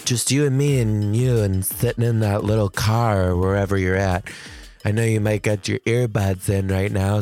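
A man hosting a solo podcast in a campy, playful way, his voice leaping up high for greetings and jokes. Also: steady tone, moderate pace, a little mellow, dry recording, soft background music. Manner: campy, playful, big swoops in pitch. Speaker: podcast host.

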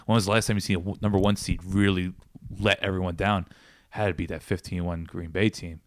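A young man co-hosts a casual sports podcast in a relaxed, easygoing manner. His voice sits fairly low, and he chimes in with short reactions. The recording is dry and close. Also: a little fast, dry recording. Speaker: podcast co-host. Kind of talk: casual chat.

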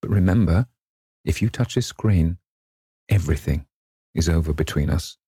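A man reading the lines of a vain, petulant young gentleman in an audiobook, pleading and imperious by turns. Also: low-pitched, breathy edge, no echo, clean studio sound, exaggerated voice. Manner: pleading then imperious, measured delivery.

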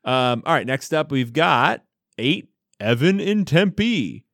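A man's voice: medium pitch, sing-song, slow, fairly bright tone, dry recording, studio quality. A man co-hosting a podcast in casual chat, joking as he reads out a list of fan favorites. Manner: joking, mock-grand listing of fan favorites. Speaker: podcast co-host.

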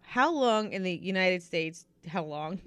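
A woman's voice: fairly low pitch, expressive, measured pace, clear, resonant tone, dry recording. A woman co-hosting a podcast in casual chat, crude and teasing, laughing often. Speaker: podcast co-host.

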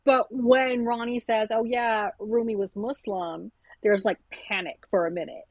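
Candid, animated woman author storyteller. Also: fairly high pitch, unhurried, no room sound, poor audio. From South Asian family. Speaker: author being interviewed. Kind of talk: conversational interview.

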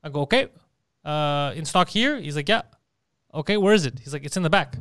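A man casually telling a profane, animated story, acting out the people he quotes. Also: on the high side, fairly quick, clean tone, no room sound, studio quality. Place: Montreal area.

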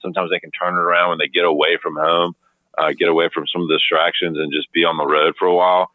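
Fast-talking low-voiced man on a phone line. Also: flat delivery, no room sound. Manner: rapid, loose, lots of fillers. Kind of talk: casual sports analysis chat.

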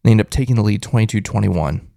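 A man hosting a live fan postgame stream, excitedly reading viewer comments aloud. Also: lowish voice, fast, vocal fry, dry recording, clean studio sound. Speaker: host of a fan postgame show.

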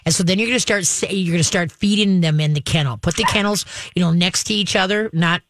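Woman, radio host, brisk instructive tone, dry studio sound. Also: fairly low pitch, fairly bright tone, no room sound. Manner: brisk instructive, frequent "okay?" check-ins. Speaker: dog trainer and radio host. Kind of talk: call-in advice show.

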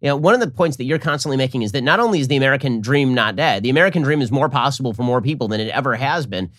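A man hosting an interview podcast, talking in a quick, articulate, argumentative way. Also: medium pitch, animated, fairly bright tone, dry recording, clean studio sound. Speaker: podcast host.

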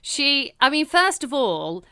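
A young woman co-hosting a podcast, telling stories in an animated, chatty way with swearing and laughter. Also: sits high, slow pace, no echo, clean studio sound. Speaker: podcast co-host. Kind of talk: casual chat.

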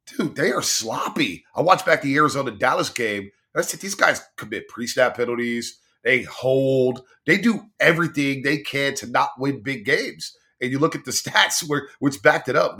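A man who hosts sports radio, telling a story as a podcast guest in an animated, excited way. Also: mid-range voice. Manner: animated, hyped, chants and yells in quotes.

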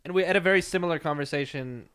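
A man's voice: fairly high pitch, racing, a crowd in the background. A man chatting casually on a podcast, giggly and chatty. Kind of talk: casual chat.

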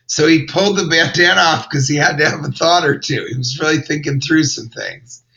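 A man's voice: on the high side, a little fast, vocal fry, bright, forceful tone, low-quality recording. A man, a comedian, telling a rambling, wry story in casual chat. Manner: rambling, wry, self-interrupting. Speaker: comedian and podcast host.

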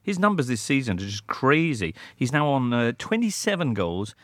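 A man hosting a football podcast with a lively voice that climbs and dips across a wide range. He moves along briskly and playfully, trading jokes and puns with his guests. The recording is close and dry. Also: medium pitch, dry recording. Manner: brisk, playful presenter with wordplay. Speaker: podcast host.

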